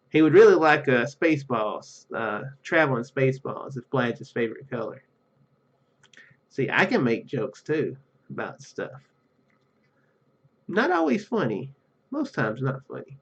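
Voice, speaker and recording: A man's voice: medium pitch, very animated, measured pace, long pauses, slightly rough, dull audio. A man hosting a let's play, reading game text aloud and joking about himself as he goes. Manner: joking and self-deprecating, laughs at own jokes.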